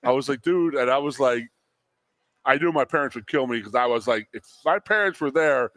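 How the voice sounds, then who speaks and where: A former college lineman, now in his forties and co-hosting sports radio from a restaurant studio, relates a long story in casual conversation. He brings the people in it to life, acting out their quotes in raised voices. The mid-range voice moves fairly quickly, and the recording is dry.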